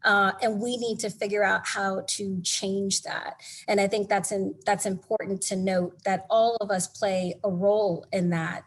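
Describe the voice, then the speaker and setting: A woman speaking as a panelist in an online panel discussion, with an earnest, measured delivery. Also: medium pitch.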